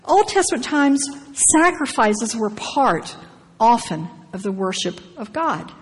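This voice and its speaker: A woman's voice: on the high side, very animated, unhurried, husky. Woman preaching in an echoing hall. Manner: reads scripture aloud, then comments with emphatic asides. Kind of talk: sermon with scripture reading.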